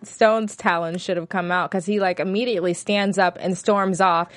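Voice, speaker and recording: Low-voiced young woman recapping in a dry room. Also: steady tone, normal speed, dry recording. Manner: recaps scenes plainly, with filler words. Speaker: podcast co-host. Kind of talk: casual reality-TV recap chat.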